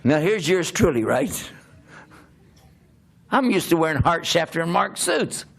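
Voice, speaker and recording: An older man, a preacher, telling a humorous personal story in an animated, self-mocking way, often laughing as he talks. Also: a little high, unhurried, vocal fry.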